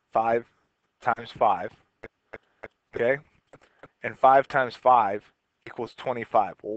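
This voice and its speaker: A man's voice: medium pitch, a bit bright, no room sound, highs cut off. A man teaching a recorded math lesson in a casual way, explaining step by step while he writes. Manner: casual, talks while writing, repeats and restarts.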